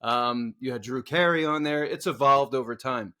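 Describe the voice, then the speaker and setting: A man co-hosting a podcast, telling a workplace story in casual, profane chat and acting out the people in it loudly. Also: medium pitch, normal speed. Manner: swearing storyteller, loud animated reenactments. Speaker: podcast co-host.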